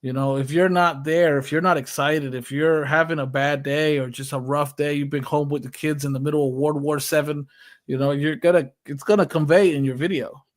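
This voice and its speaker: A man's voice: fairly high pitch, steady tone, fairly quick. A man co-hosting a casual podcast, speaking in an earnest, reflective way. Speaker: podcast co-host.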